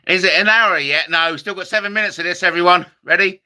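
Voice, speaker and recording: A man's voice: high-pitched, fast, few pauses, bright, forceful tone. A man doing comic card-trick patter as a magician, self-mocking and chatty with the audience. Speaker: comedy magician.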